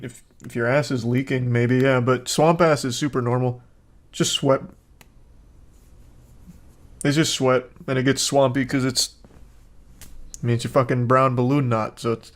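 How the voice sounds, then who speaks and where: Deadpan, crude male online commentator. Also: mid-range voice. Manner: deadpan, flat-affect delivery; blunt and crude. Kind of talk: casual profane commentary.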